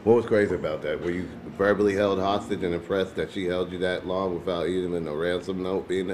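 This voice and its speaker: A man's voice: low voice, steady tone, a little fast, darkish tone, a little hiss or hum. A man co-hosting a podcast, cutting in with wisecracks and teasing questions. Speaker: podcast co-host. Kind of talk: casual chat.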